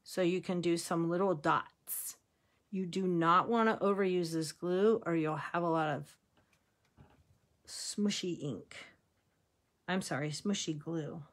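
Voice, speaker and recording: A woman's voice: on the low side, steady tone, takes it slowly, pauses often. A woman hosting a casual craft tutorial, chatting upbeat to viewers and laughing at herself while she works with her hands. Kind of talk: casual how-to demonstration.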